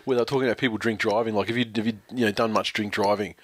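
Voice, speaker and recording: Low-voiced Australian man, swearing and rambling. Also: steady tone, very fast, no echo. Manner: swears freely, rambling storyteller who laughs as he talks. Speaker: podcast co-host. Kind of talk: casual chat.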